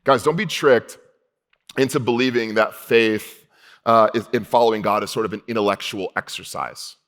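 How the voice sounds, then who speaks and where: A male pastor preaching a sermon in a casual, conversational way, slowing down for emphasis and dropping low and quiet on key points. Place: church hall.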